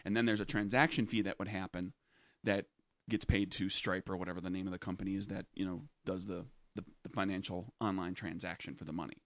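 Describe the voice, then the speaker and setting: A man's voice: low voice, fairly even intonation, fast talker, dry recording. A man co-hosting a podcast, explaining news at length in casual chat with many restarts. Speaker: podcast co-host.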